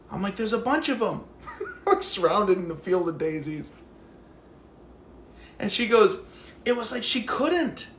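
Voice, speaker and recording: A man's voice: high-pitched, moderate pace, long pauses, roomy sound, slight background noise. A man ranting casually on a phone livestream while out walking his dog, acting out the people in his stories and swearing freely. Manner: animated storyteller, acts out quotes, swears freely. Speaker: livestream host.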